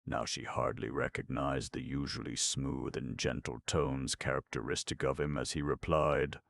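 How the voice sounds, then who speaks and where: A man narrates an audiobook in a measured, expressive reading. His voice is very deep with a gravelly edge. The sound is dry and close, with no room around it. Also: no echo. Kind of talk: scripted narration.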